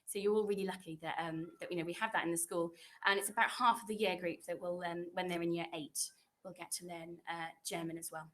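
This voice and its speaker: A woman's voice: on the low side, level tone, quick pace, a bit bright. A woman secondary school French teacher giving a chatty, reassuring welcome talk to new pupils over a computer microphone from her classroom, with lots of fillers and restarts.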